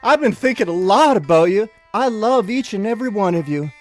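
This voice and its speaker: Male comic doing a high, doting kids'-show host with a thick Southern drawl; overly sweet, drawn out. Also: expressive, brisk, faint music behind. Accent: South Carolina (put on).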